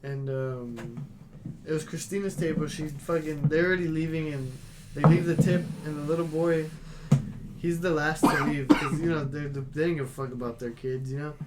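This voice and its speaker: A young man co-hosting a podcast, telling profane, animated restaurant stories and acting out what people said. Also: on the high side, normal speed, heavy background noise. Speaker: podcast co-host. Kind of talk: casual chat, storytelling.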